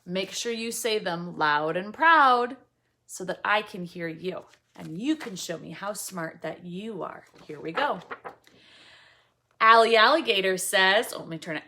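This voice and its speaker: A woman teaching an online lesson to young children, slow and sing-song in a teacherly way. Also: medium pitch, expressive, pushed and bright.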